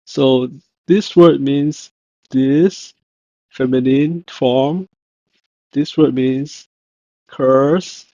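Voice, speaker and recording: Very slow, deliberate male language teacher. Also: mid-range voice, fairly even intonation, mellow, no room sound. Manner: slow and deliberate, repeats each word carefully. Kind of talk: slow recorded language lesson. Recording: dull, dry lo-fi audio.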